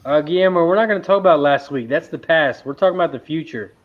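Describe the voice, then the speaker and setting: Lo-fi man calling horse races. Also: fairly high pitch. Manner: joking, quick race calls. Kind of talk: casual live-stream chat and race calling. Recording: dull lo-fi stream audio.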